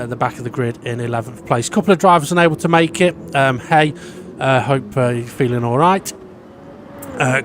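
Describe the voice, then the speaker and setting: A man's voice: mid-range voice, a little hiss or hum. A man commentating a sim racing league in a chatty way, full of ums and small stumbles. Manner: chatty, filler-heavy, stumbling. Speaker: race commentator.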